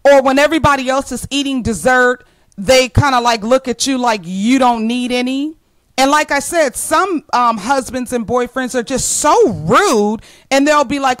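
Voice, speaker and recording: A woman's voice: fairly high pitch, a little slow, no echo, poor audio. A woman in her forties giving an earnest motivational talk straight to her listeners, stressing points by repeating them. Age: 40s. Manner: emphatic, repeats key phrases for stress; addresses listeners as ladies, earnest and plainspoken. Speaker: motivational speaker. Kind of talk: direct-to-camera motivational talk.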